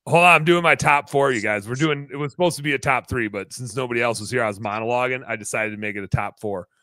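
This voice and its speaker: A man hosting a podcast, telling a long story in a rambling, animated way, full of fillers. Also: mid-range voice, fast talker, no room sound. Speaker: podcast host, business owner.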